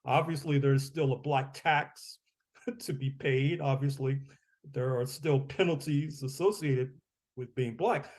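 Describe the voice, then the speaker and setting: A man's voice: medium pitch, unhurried, darkish tone. A man speaking as an author and guest on a podcast interview, discursive, often repeating his words and giving wry chuckles.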